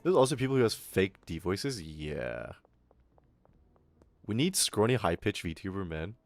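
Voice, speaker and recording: A young man with a fairly low voice chats casually on a live stream in his put-on streamer voice, rambling, swearing and laughing often. There's no room sound.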